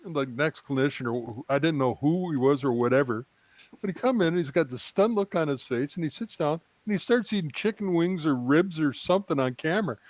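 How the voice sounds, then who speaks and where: A man co-hosting a video chat, telling a lively anecdote and laughing at himself. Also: on the high side, brisk, dry recording. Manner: animated storytelling, laughs at own story. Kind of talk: casual anecdote on a video call.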